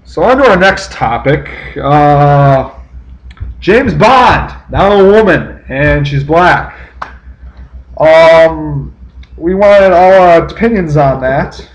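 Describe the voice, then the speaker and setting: Young man, unhurried and halting, higher voice, casual podcast talk. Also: expressive, rough recording. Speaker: podcast co-host. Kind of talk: casual chat.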